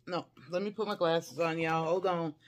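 Her voice is on the low side, steady and moderately paced. This middle-aged haul vlogger unboxes while chatting to viewers, effusive and squealing with delight, with plenty of y'all and honey.

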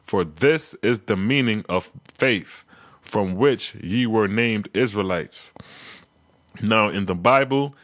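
Man reading scripture with commentary, solemn and measured, low pitch, dry recording. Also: a bit bright, no room sound.

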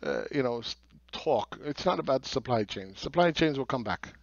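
A man's voice: medium pitch, animated, moderate pace, gravelly, dry recording, highs cut off. A man giving a blunt market commentary monologue, sarcastic and swearing, who mocks other people's views. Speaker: market analyst.

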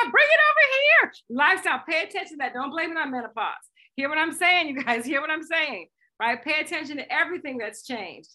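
Woman, fitness coach, high, bright, energetic, chatty. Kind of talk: live coaching call.

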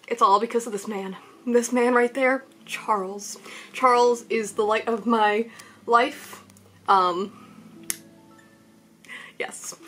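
A young woman chatting excitedly as she unboxes a package at home, rambling with lots of "like" and "um", filmed on a small tripod camera. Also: a little high, a little hiss or hum. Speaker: vlogger. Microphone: camera on mini tripod.

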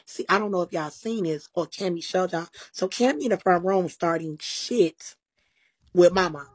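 A woman's voice: fairly low pitch, normal speed, slightly rough. A woman telling a story casually, acting out quarrels and swearing freely. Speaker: guest, live-stream show personality.

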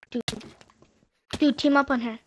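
A woman hosting a gaming channel, chatting casually while she plays, quick to react and often repeating herself. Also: sits high, muffled recording, slight background noise. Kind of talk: casual chat while playing a video game.

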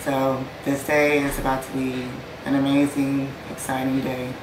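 A woman's voice: extremely low pitch, little pitch movement, measured pace, echoey room, recorded from a distance, noisy background. A young woman, the groom's sister, giving a gushing, playful toast while near tears. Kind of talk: casual emotional toast.

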